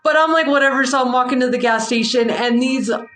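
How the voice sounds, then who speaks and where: A woman in her forties, a psychic livestream host, telling a story in a frank, rambling, animated way with slang. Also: sits high, quick pace. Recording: echoey room.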